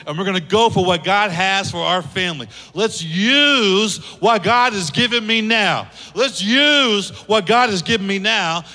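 A man's voice: high-pitched, pushed and bright. A male pastor preaching a passionate sermon in a church, exhorting the congregation with rhetorical questions. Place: church sanctuary. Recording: long church reverb.

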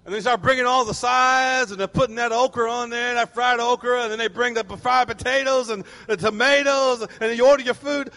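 A pastor preaching a sermon, telling stories animatedly and acting out people's voices. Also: male voice, very high voice, fairly even intonation, a little fast, few pauses, sharp tone, big-room sound.

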